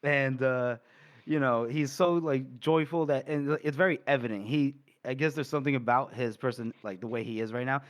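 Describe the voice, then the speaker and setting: A man co-hosting a podcast, recapping a book in an animated, filler-heavy casual way. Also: medium pitch, moderate pace. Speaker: podcast co-host.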